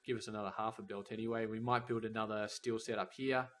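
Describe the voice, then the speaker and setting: A man's voice: on the low side, level tone, quick pace, fairly bright tone. A man giving casual let's-play commentary, thinking aloud as he plans a factory and chides the game's robots and trains. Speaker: gameplay commentator.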